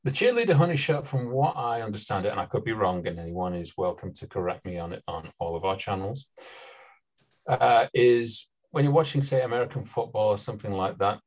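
Low-voiced man explaining trivia. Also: a little fast, a little mellow. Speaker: podcast co-host. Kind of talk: casual chat.

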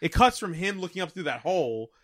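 A man with a bright, somewhat high voice talks through a movie in a relaxed podcast chat. He swears freely and laughs a lot. The sound is close and dry, with no room around it. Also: fast, no echo. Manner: laughs often, profane, animated. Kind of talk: casual movie discussion.

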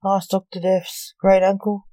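A woman narrating a short story aloud in a plain, even reading manner. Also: mid-range voice, unhurried, no echo, low-quality recording.

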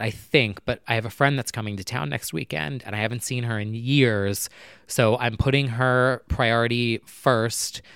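A man talks through a casual solo podcast episode, wandering from thought to thought with plenty of "like" and "um." His voice is smooth and resonant, recorded close and dry in a quiet room at home. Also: medium pitch, no room sound. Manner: rambling, filler-heavy and self-mocking. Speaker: podcast host.

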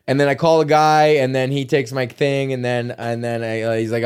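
A man's voice: mid-range voice, fairly even intonation, fairly quick, few pauses, a little mellow, clean tone. A man hosting his own podcast in a casual rambling monologue, swearing often and restarting sentences. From Canada. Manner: profane, rambling, with many restarts. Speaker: podcast host.

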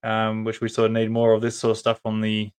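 Man, Australian accent, podcast host, casual chat, rambling, flat even pitch, smooth clear voice. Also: a little fast. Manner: rambling, many ums and restarts. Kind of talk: casual live-stream chat.

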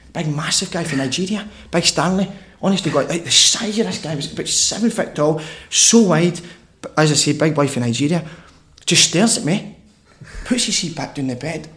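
A Scottish man telling a funny story as a podcast guest, laughing and swearing as he goes. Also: fairly high pitch. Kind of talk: casual storytelling.

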